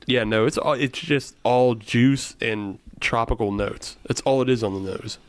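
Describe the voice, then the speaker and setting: A man co-hosting a podcast in casual chat, jokey and quick to laugh. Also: medium pitch, clean tone. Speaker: podcast co-host.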